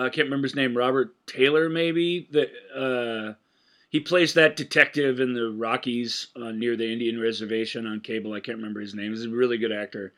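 A man's voice: mid-range voice, bright, forceful tone. A man co-hosting a movie podcast, chatting casually and telling rambling stories with frequent laughs. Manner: rambling, storytelling, laughing often. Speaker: podcast co-host. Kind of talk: casual chat about movies.

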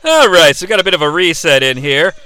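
Excitable high-voiced man calling wrestling. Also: fast. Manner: excitable, profane, yelling play-by-play. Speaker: host. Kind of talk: live watch-along wrestling commentary.

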